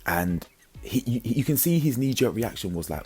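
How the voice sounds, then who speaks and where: A young man giving slangy, animated commentary on a reality show, jumping into high excited bursts. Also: normal speed, breathy edge. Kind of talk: casual commentary.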